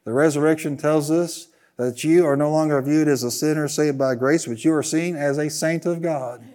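A man's voice: fairly high pitch, steady tone, normal speed, darkish tone. A man preaching a sermon as pastor, driving his points with repeated phrases and leading the congregation in call-and-response.

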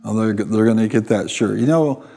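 A man's voice: fairly low pitch, normal speed, vocal fry, dark tone, big-room sound. A man preaching a sermon, emphatic, often calling on the congregation to answer. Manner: emphatic, calls for responses from the congregation.

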